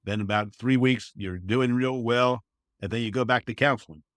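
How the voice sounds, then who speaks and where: A man's voice: medium pitch, normal speed, fairly bright tone, no echo. A man speaking as a podcast guest in casual conversation, earnest and folksy, often saying "you know" and acting out quotes. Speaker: guest, service dog trainer.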